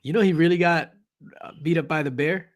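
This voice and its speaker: A man with a slightly high voice hosts a loose pop culture chat. He jokes around, teasing and bantering loudly with the panel. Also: brisk. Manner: joking, loud and playful banter. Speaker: podcast host.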